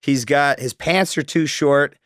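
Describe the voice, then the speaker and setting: A man's voice: a little high, measured pace, dry recording, clean studio sound. A young man from Canada telling his story in casual, profane chat, acting out the voices of the people in it. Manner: profane, animated, acts out quoted voices.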